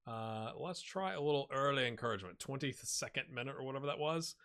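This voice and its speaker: A man in his forties talks through a video game in a loose, rambling way, often poking fun at himself. His voice is bright and forward, and it carries a lively edge. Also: medium pitch, fast, hardly any pauses. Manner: rambling, self-deprecating, chatty. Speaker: gaming YouTuber. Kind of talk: casual let's-play commentary.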